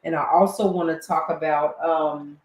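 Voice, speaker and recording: An older woman with a Southern US accent, hosting a casual late-night live-stream chat, excitable and quick to laugh. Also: low voice, roomy sound, poor audio. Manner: chatty, excitable, laughs easily. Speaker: livestream host.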